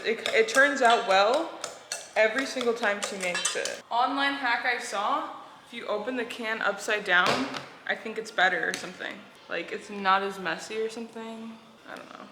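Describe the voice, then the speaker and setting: A woman's voice: on the high side, background noise. Chatty woman vlogging in an echoey kitchen. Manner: chatty, addresses viewers, self-deprecating. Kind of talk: casual vlog chat while cooking. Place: home kitchen. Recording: echoey kitchen with clattering dishes.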